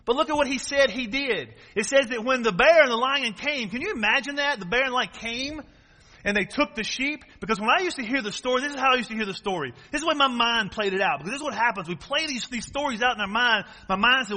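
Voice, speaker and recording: A man preaches with a high, bright, ringing voice. He drives his points home with emphatic repetition and questions to the congregation. The sound carries a long reverb from a large hall. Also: fast. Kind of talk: sermon.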